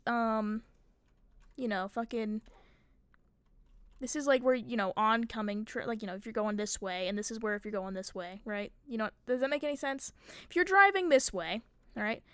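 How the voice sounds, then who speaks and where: A young woman on a livestream, spinning a story in a chatty, animated way and swearing freely. Her voice sits a touch high and sounds dry and close, with no room around it. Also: smooth, dry recording. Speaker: streamer.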